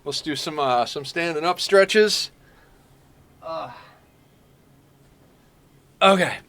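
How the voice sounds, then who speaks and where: A man's voice: a little high, animated, slow pace, fairly bright tone. A man streaming a game, chatting casually with his viewers, thanking them and reading their messages with lots of fillers. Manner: frequent laughs and filler words. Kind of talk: casual live-stream chat.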